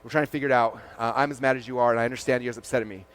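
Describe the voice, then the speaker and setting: A man in his forties giving an energetic keynote talk on a conference stage, acting out dialogue in quick quotes and peppering his speech with "like.". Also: mid-range voice. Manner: animated, acts out dialogue in quick quotes, frequent "like". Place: large event stage before a live audience.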